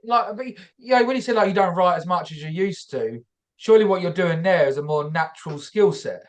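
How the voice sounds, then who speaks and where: A man's voice: sits high, expressive, a little fast. Casual male podcast host. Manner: casual, asks loose questions, stammers.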